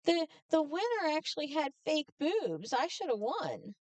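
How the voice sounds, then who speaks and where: A woman's voice: high voice, very animated, a little slow, a little mellow, no room sound, distant mic, voice pushed up, heavily acted. A woman voicing her vain, brash biker-babe sister, blunt and boastful. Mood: indignant. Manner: blunt, boastful, self-absorbed.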